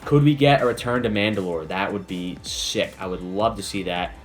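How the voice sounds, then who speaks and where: Man, low voice, casual enthusiastic review chatter, faint music underneath. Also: normal speed. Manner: chatty, enthusiastic, leans on "basically" and "like". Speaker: video reviewer. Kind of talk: casual spoiler review commentary.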